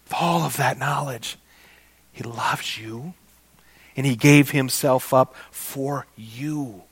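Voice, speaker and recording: Male preacher, slow deliberate delivery, dry recording, repeats lines for weight. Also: medium pitch, breathy edge, no echo. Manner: slow, emphatic, repeating phrases; addresses listeners as guys. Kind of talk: sermon.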